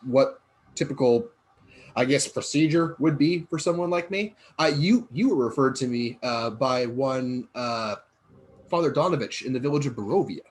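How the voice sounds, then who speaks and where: A man's voice: mid-range voice, animated, normal speed, lightly acted. A man voicing an earnest male archaeologist, a recent religious convert, speaking hesitantly with many fillers.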